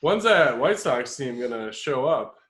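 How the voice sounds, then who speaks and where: A man in casual podcast chat, relaxed and hesitant, with many fillers. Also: mid-range voice, unhurried, a little hiss or hum. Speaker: podcast co-host.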